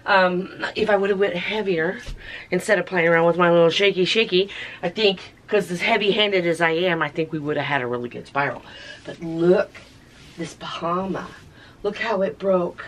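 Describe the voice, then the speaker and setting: A woman's voice: fairly low pitch, normal speed, a little hiss or hum. A woman, casually narrating her tie-dye session and gushing over the colors, sometimes dropping to a whisper. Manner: gushing, talks softly to the colors, drops into whispers. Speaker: craft vlogger reviewing tie-dye colors. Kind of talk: casual narration while working.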